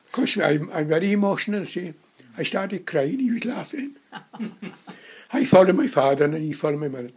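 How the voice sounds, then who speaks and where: Husky-voiced man in his nineties. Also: sits high, lively intonation, a little mellow. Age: 90s. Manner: rambling, halting storyteller with many restarts. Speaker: interviewee. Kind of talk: reminiscing in casual conversation.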